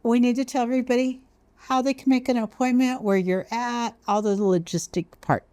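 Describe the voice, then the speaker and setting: A woman's voice: fairly high pitch, fairly even intonation, fairly quick, dark tone, dry recording. A woman hosting a health podcast, asking questions in a casual, hesitant way with many fillers. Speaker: podcast host. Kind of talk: casual interview talk.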